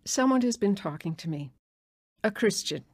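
An actress playing a worried, torn mother in a radio drama, speaking softly and pleadingly. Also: medium pitch, lively intonation, normal speed, slightly rough, no echo, studio quality. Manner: soft, pleading.

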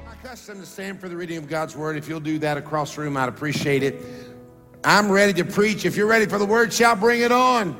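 A man's voice: high-pitched, fairly quick, a bit bright, soft background music. A male pastor preaching a sermon to a congregation, calling for responses and stretching out words for emphasis. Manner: rises and draws out words for emphasis. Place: large church sanctuary. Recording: long reverb of a church hall.

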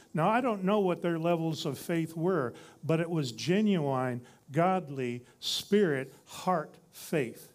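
A man's voice: fairly high pitch, measured pace, hardly any pauses, a little mellow. A man preaching a sermon in a conversational teaching style, reading scripture and building to emphatic repeated lines.

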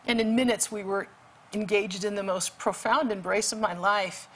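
A woman's voice: mid-range voice, fairly even intonation, normal speed, fairly bright tone, a little hiss or hum. Earnest woman telling a dramatic testimony. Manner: vivid, emphatic retelling with bursts of urgency. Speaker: guest author.

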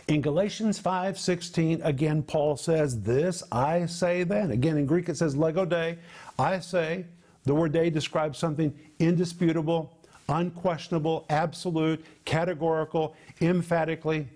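Emphatic high-voiced male Bible teacher. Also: a little slow, a little mellow. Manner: emphatic, piles up lists of synonyms; addresses listeners directly as "my friends".

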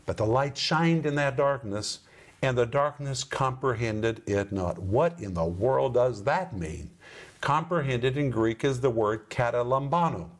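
A middle-aged man hosting a Bible-teaching program, who talks emphatically and slows down to stress key words. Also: medium pitch, expressive.

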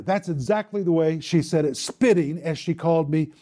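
A man preaching his own testimony, mellow and soft-toned, with a voice pitched somewhat high for a man. He tells it dramatically, racing through some lines and slowing hard on others for emphasis. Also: sing-song. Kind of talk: sermon testimony storytelling.

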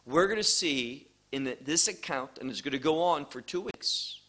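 Slow, emphatic male preacher. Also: mid-range voice, bright, forceful tone. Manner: slow, emphatic preaching with rhetorical questions and pauses. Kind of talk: sermon.

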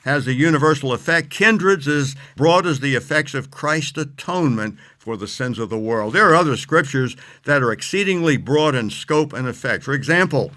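A man teaching on scripture as an interview guest, speaking emphatically and reading verses slowly. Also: medium pitch, animated, bright, forceful tone.

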